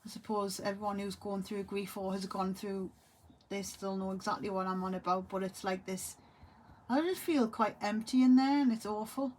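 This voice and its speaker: A woman's voice: medium pitch, fairly even intonation, darkish tone, slight background noise. Grieving woman. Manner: halting, trailing off, repeating herself. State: grieving, tearful. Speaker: vlogger. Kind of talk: emotional monologue to camera.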